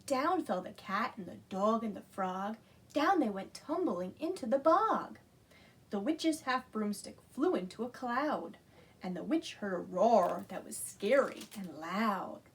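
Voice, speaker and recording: Librarian woman reading storytime aloud, slow and animated, slightly husky. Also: medium pitch. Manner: animated, asks children to join in. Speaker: children's librarian. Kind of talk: reading a picture book aloud.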